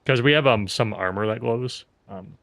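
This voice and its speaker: A man's voice: medium pitch, moderate pace, creaky, fairly bright tone, no echo. A man streaming a video game, talking casually with wry, self-mocking asides muttered to himself. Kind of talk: casual gameplay commentary.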